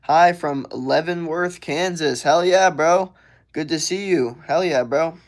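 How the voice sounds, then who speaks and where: A man's voice: fairly high pitch, slow. A young man answering viewer questions on a casual livestream, slangy and rambling with lots of filler words.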